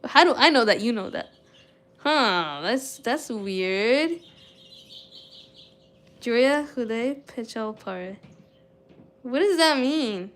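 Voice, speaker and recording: Her voice is on the high side, a bit bright and very animated, though her pace is slow. This young streamer reads a book aloud with many stumbles and restarts before slipping into casual viewer chat heavy on "like" and "I don't know."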